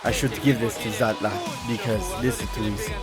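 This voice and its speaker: A man voicing a cocky footballer with a vague European accent, low and laid-back. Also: fairly even intonation, fairly quick, lightly acted. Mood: smug. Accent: vague European, put on. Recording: music playing underneath.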